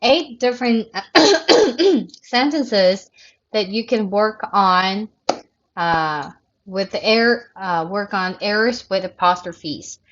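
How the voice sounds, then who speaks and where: A woman teacher giving a recorded grammar lecture in a creaky, tired voice, speaking deliberately and often restarting to correct herself. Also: medium pitch, fairly bright tone. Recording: dull lo-fi lesson recording.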